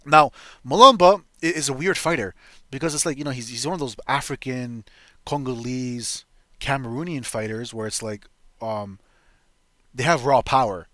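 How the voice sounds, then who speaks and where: Young male host, blunt and profane, rambling fight analysis, mid pitch, dry close mic. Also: normal speed, bright, forceful tone, no echo. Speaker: MMA fight predictions host. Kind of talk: casual profane fight breakdown.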